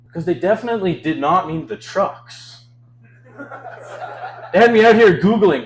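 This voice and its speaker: A man's voice: on the high side, very animated, a little fast, a little hiss or hum, low-quality recording. A man in his twenties from Canada doing a stand-up set on a club stage, telling self-deprecating stories with a wry, chuckling delivery into a handheld mic. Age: 20s. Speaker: stand-up comedian.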